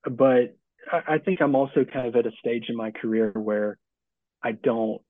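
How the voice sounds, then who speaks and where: A middle-aged man answering interview questions as a book's author, casual and halting, with many restarts and fillers. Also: medium pitch, no echo. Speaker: author and guest. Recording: tinny phone-like call audio.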